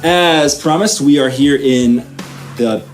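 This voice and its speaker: A man's voice: medium pitch, takes it slowly, faint music behind. A man co-hosting an interview, enthusiastic and often hesitating with ums, in a hotel lobby. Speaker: podcast co-host. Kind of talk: casual interview. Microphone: field recorder.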